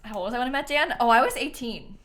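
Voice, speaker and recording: A woman's voice: on the high side, fast, a bit bright. A woman livestreaming a game, chatting casually with her viewers and laughing often. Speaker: game streamer.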